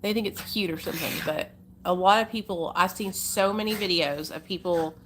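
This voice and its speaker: A woman's voice: lowish voice, a little fast, fairly bright tone, a little hiss or hum. A young woman with an Arkansas country accent, chatting casually with viewers on a livestream, folksy and talkative. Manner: chatty, folksy, calls viewers honey and y'all. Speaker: livestream host.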